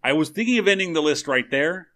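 A man's voice: fairly high pitch, lively intonation, fast, bright, forceful tone. A man co-hosting a podcast in casual chat, joking and poking fun at himself. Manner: joking, self-mocking. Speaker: podcast co-host.

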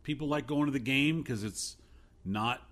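A man's voice: medium pitch, moderate pace. A man with a New York accent in a casual sports chat, cracking sarcastic jokes. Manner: sarcastic, jokey, animated. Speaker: podcast co-host.

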